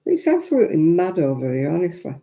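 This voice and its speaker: A woman's voice: fairly low pitch, sing-song, quick pace, vocal fry, warm tone. An English woman hosting a casual live-stream crafting chat from home, talking in a chatty, opinionated way with frequent asides. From England. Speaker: crafting channel host.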